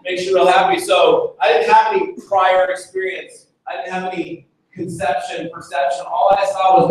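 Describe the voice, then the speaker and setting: A man's voice: sits high, moderate pace, few pauses. A man giving a live motivational talk to an audience, telling joking stories with energy. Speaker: motivational speaker. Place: event room with an audience. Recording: echoey hall from far off, faint noise.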